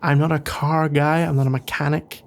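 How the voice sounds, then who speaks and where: A man plays a sarcastic young office rival for an ASMR role-play, grumbling in a dry voice that is heavily gravelly and gritty. His tone sits a bit on the high side for a man. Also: flat delivery, moderate pace.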